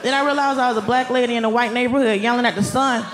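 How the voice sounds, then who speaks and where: A woman from Atlanta doing a stand-up comedy set, ranting in an animated, exasperated way with sudden outbursts. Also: a little high, very fast, noisy background. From Atlanta, US South. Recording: live club with loud audience laughter.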